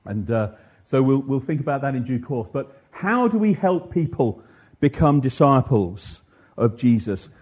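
A man preaching an interactive Sunday sermon in church, asking his listeners questions and slowing down to stress the verses he quotes. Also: medium pitch, animated, darkish tone, slightly rough, muffled recording. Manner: asks the congregation questions, pauses with ums.

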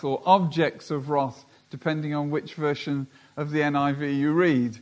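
A man preaching a sermon, who talks slowly and deliberately and reads scripture aloud. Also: a little high, fairly even intonation, darkish tone.

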